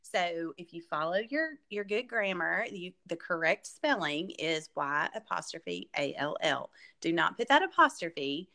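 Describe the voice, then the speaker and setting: A woman's voice: fairly low pitch, sing-song, a little slow, few pauses, bright, forceful tone. A woman with a Southern Arkansas accent, chatting casually in a playful, mock-teacherly way and laughing often. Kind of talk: casual chat.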